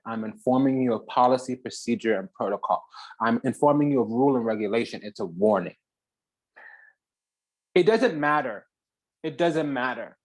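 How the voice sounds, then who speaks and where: A spiritual channel host giving a heated, profane reading, swinging between loud declarations and hushed asides with dramatic pauses. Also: mid-range voice.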